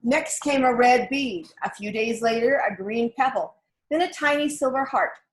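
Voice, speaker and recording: Woman reading a picture book aloud, gentle and expressive. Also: a little high, normal speed. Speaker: storybook reader. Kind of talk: storybook read-aloud.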